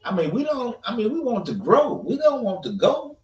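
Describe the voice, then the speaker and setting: Earnest man with a lively, preachy voice. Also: very high voice, moderate pace, a little hiss or hum. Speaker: podcast co-host. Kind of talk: casual opinion talk. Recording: roomy, distant, dull sound.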